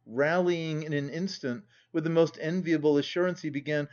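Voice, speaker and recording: A man reads a classic novel aloud in an even, measured audiobook narration. His voice sits slightly high for a man, and the home recording sounds dull and lo-fi. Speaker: audiobook reader.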